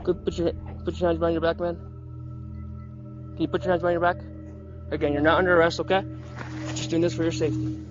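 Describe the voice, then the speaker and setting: A male police officer talks quickly on body-camera audio, with a somewhat high pitch, calm and reassuring as he gives instructions. The sound is dull and lo-fi, with music laid over it.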